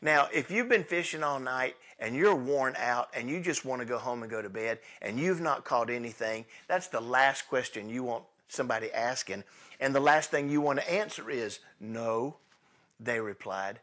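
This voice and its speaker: A man preaching a sermon in a casual, conversational way, swinging between loud bursts and hushed asides as he tells the story. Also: medium pitch, moderate pace. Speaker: pastor.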